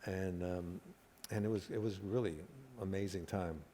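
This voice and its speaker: Deep and warm, the man's voice stays steady at a moderate pace. He's a middle-aged comedian guest spinning stories during an onstage conversation at a live talk event, laughing at his own punchlines and performing quotes.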